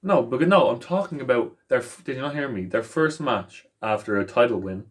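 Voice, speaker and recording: A man's voice: mid-range voice, lively intonation, brisk. A man co-hosting a wrestling podcast in casual chat, rambling and swearing freely, restarting his sentences. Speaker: podcast co-host.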